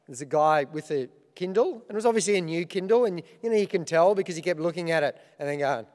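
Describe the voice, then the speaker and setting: A man's voice: a little high, expressive, fast talker, a little mellow, long reverb tail. A middle-aged Australian man hosting an awards ceremony, telling self-deprecating stories with dry punchlines. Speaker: awards host. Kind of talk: comic opening speech.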